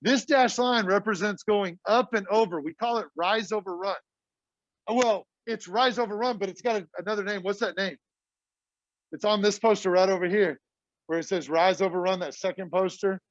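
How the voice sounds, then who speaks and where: A chatty middle-aged math teacher with a high voice. He talks to his class in a casual, talkative way. The classroom recording sounds dull and dry. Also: normal speed, no echo.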